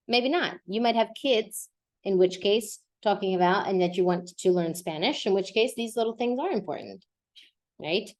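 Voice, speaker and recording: A woman hosting a podcast lesson, teaching Spanish to English speakers and slowly repeating words to model pronunciation. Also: on the low side, a little mellow.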